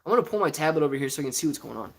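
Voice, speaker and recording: A man's voice: fairly high pitch, expressive, racing, fairly bright tone. A man from Ohio hosting a casual live stream, reading viewer comments aloud in a rambling, joking way and often laughing. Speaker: stock livestream host.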